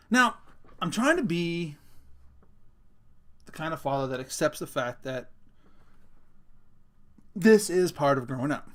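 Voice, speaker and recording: A middle-aged father ranting casually to his viewers, his voice sitting a little on the high side. He talks in an animated, emphatic way, jumps to loud bursts and swears freely. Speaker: vlogger, father. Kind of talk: casual rant to camera.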